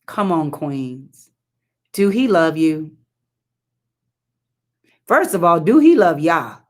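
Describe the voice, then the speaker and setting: Middle-aged woman preaching slow on a live stream, repeats stuff for emphasis, sassy asides to the sisters. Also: low voice, sing-song. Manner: emphatic repetition and call-outs to the audience.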